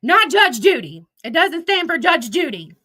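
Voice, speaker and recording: A very high, sing-song voice, pushed and bright, comes at a moderate pace from a middle-aged woman hosting a livestream. She rants with heat and profanity, confronting her chat and her absent critics head-on.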